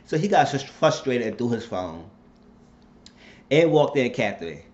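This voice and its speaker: A man at a middle pitch talks through a TV episode in a loose, animated way. He curses freely and slips into the characters' lines as he retells the plot. The recording sounds dull and lo-fi. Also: moderate pace. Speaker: TV episode reviewer. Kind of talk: casual recap of a TV drama.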